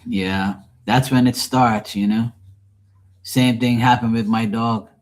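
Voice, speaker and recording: A man's voice: medium pitch, steady tone, slow pace. A man hosting a live tarot stream, chatting casually with viewers in a blunt, profane, rambling way. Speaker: tarot reader and livestream host. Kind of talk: casual livestream chat with viewers.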